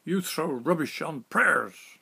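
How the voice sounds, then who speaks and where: Guy doing a stern ship captain, broken english, loud and high, kinda husky. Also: expressive, slow pace, heavily acted. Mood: reproachful. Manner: clipped, loud, emphatic.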